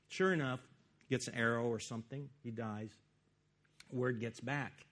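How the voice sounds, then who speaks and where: A man preaching a sermon, retelling a Bible story in an animated way that swings from loud to hushed. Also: mid-range voice, a little slow, pauses often.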